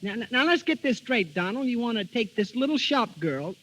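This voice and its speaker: A man's voice: extremely high pitch, very animated, brisk, fairly bright tone, soft background music, exaggerated voice, low-quality recording. An actor playing a joking, reluctant young man in a 1940s radio drama, often laughing as he talks.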